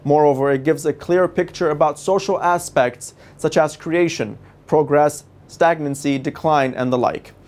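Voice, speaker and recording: Male religious TV presenter, slightly high-pitched, formal and measured scripted lecture delivery. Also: darkish tone.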